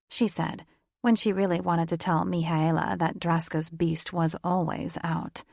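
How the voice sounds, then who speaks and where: A woman narrating a romance audiobook in a measured, even storytelling voice. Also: on the low side, vocal fry, no echo, studio quality. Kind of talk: scripted narration.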